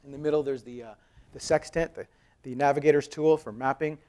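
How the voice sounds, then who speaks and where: A man in his thirties speaks quickly on a conference stage. His talk is loose and conversational. He jokes with the audience as he tells his story. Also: mid-range voice. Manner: animated storytelling, acts out quoted dialogue. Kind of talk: live conference presentation. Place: conference hall.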